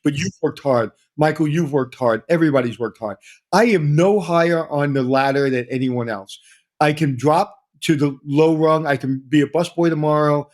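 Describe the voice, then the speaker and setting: A middle-aged man, a hotel consultant telling stories energetically in an interview, repeating himself as he talks. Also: a little high. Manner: energetic storyteller, repeats himself, quotes others. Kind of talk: conversational interview.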